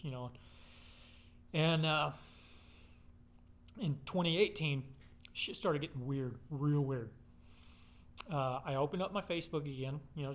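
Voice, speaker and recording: Profane rambling man telling a story. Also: on the high side. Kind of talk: casual storytelling monologue.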